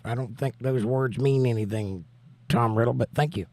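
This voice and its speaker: A man with a Southern US accent and a hoarse voice, hosting a livestream and reading chat comments aloud in an easygoing, drawling way. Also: mid-range voice, normal speed, a little mellow. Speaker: livestream host.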